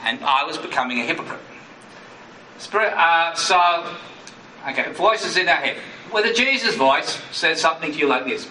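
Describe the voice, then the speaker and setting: A male pastor preaches earnestly in a slightly high, bright, forward voice. Now and then he acts out inner voices in sudden higher bursts. A big echoey hall carries his words over a faint hum. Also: expressive, normal speed, far from the mic. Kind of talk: sermon.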